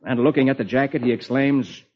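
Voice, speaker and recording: A man's voice: mid-range voice, fairly quick, noisy background. A man hosting an old children's radio show, reading the comics aloud in a playful, sing-song storytelling manner. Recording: muffled old radio broadcast.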